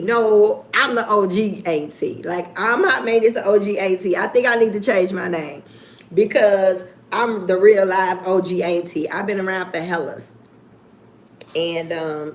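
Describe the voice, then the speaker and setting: A woman chatting casually on a livestream, candid and profane, with lively swings in her voice. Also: mid-range voice. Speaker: YouTuber.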